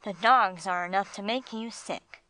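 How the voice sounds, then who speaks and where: A woman voicing Gringo, a gruff streetwise bulldog. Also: mid-range voice, unhurried, bright, forceful tone. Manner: gruff slangy street talk. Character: tough streetwise male bulldog, gruff and blunt. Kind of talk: audiobook character voice.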